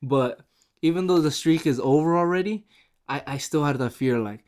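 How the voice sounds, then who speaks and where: A man giving a casual spoken review, excitable and chatty and quick to laugh. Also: a little high. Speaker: show reviewer.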